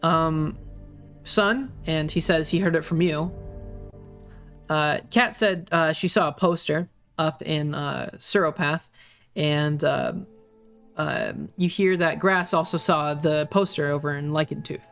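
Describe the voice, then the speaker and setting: A man's voice: a little high, a little slow, vocal fry, fairly bright tone, faint music behind. Hesitant man running a tabletop game. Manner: hesitant, many fillers while narrating. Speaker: game master.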